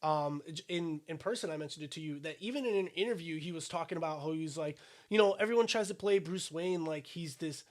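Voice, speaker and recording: High-voiced man, blunt and profane. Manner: blunt, profane, quick to argue. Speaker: podcast co-host. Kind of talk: casual chat.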